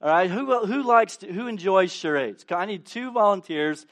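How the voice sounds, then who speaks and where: A man's voice: high-pitched, animated, moderate pace, a bit bright. A male pastor preaching a sermon to a congregation in a church, playful and acting out the voices of the characters as he goes.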